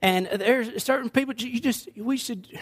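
An older pastor preaching to his congregation with a fairly high, light voice. He mixes earnest teaching with playful, joking asides to the people in front of him. The delivery is animated and conversational. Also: moderate pace, breathy edge. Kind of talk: sermon.

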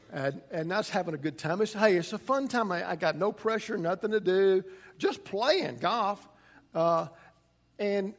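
A man, a pastor preaching a conversational sermon and telling stories with frequent restarts. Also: sits high.

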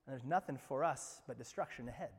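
A pastor preaching a sermon, swinging between loud emphatic lines and near-whispers, repeating words as he presses a point. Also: medium pitch, fast talker, breathy edge. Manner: repeats words and restarts phrases when emphatic. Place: church sanctuary. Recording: long hall reverb from a church room.

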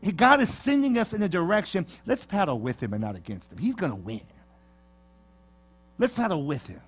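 A man preaching a sermon, telling jokes and stories to his congregation in a lively, playful way. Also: high voice, fairly quick, husky. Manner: animated storytelling with jokes to the congregation. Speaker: pastor. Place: church sanctuary.

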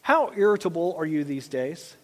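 High-voiced pastor in a reverberant church. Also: male voice, sing-song, moderate pace. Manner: conversational, with frequent asides and restarts. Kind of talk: sermon.

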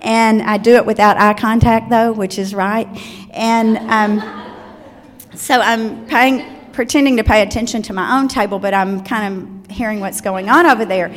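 A woman's voice: fairly high pitch, fairly even intonation, normal speed. Older southern lady chatting to moms about manners, lots of little asides, sounds like a big echoey hall. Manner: chatty, warm storytelling with asides. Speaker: speaker on children's manners. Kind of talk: talk to parents. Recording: long hall reverb.

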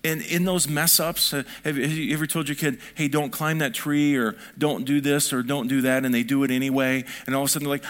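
A man's voice: mid-range voice, fairly even intonation, a little fast, hardly any pauses, a bit bright. A middle-aged man preaching a sermon in a conversational way, building up to emphatic peaks. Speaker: pastor.

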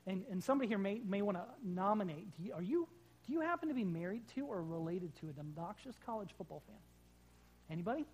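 A man's voice: high voice, animated, fast talker, darkish tone, breathy edge, rough recording. A man preaching a sermon in a church to a live congregation, talking casually and joking with the people in the pews, on a corded microphone. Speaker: pastor.

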